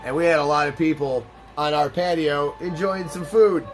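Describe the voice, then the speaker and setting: A man hosting a let's play, telling a profane work story in an animated, casual way and acting out what people said. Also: fairly high pitch, moderate pace, soft background music. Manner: animated, profane storyteller who acts out quotes. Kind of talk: storytelling over gameplay commentary.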